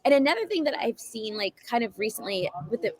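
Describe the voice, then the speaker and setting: A woman guest in a casual chat, telling stories in a relaxed way with drawn-out fillers. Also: a little high.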